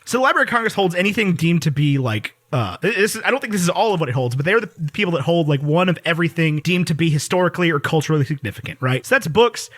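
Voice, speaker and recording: A man's voice: on the high side, sing-song, fast, few pauses, fairly bright tone. A young man co-hosting a podcast, joking around with playful mock outrage. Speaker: podcast co-host. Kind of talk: casual chat.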